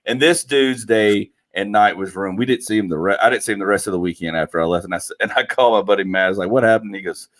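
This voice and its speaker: A man co-hosting a podcast, telling a funny story in a casual, animated way and laughing often. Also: fairly low pitch, quick pace, few pauses. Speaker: podcast co-host.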